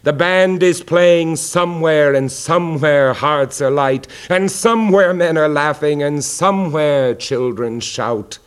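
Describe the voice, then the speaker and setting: A man giving a dramatic recitation of a poem, measured, sinking low and quiet on the weighty lines. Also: clean tone.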